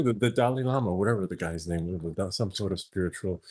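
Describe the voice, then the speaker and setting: A man's voice: low-pitched, steady tone, fast, darkish tone, slightly rough, dry recording. A man vlogging and telling a rambling story, chuckling as he goes and often trailing off and restarting. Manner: chuckles through his stories, trailing off and restarting.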